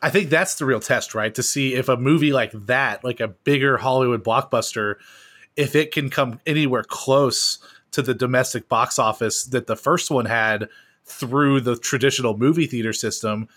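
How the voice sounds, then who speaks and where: Man, casual podcast co-host, mid pitch, rambling, filler-heavy. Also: moderate pace. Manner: rambling, filler-heavy, speeds up when excited. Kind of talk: casual movie news chat.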